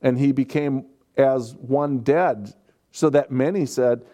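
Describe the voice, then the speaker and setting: A man delivers a sermon at a slow, deliberate pace. His voice is mellow and warm at a middle pitch. He builds emphasis by repeating key words as he explains scripture. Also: steady tone. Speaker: pastor.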